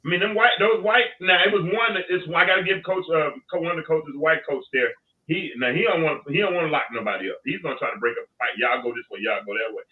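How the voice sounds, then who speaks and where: A man hosting a casual panel talk, telling stories in an animated, plain-spoken way. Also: on the high side, fast. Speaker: talk show host. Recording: tinny phone line, distant from mic.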